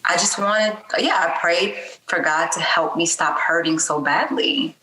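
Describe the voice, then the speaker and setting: A woman's voice: on the low side, measured pace, pushed and bright, reverberant, slight background noise, poor audio. A woman speaking as a podcast guest in a candid personal interview, talking openly and conversationally with frequent fillers.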